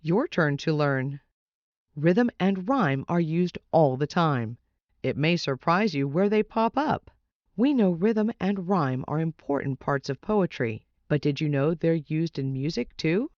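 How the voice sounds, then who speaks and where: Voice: mid-range voice, lively intonation, unhurried, no echo. Reader with a dull, dry recording. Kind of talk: reading a children's book aloud.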